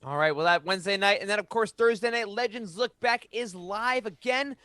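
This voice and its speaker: Man, podcast host, upbeat, casual announcements, high voice, dry close sound. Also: a little fast, pushed and bright, dry recording. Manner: upbeat, reads updates.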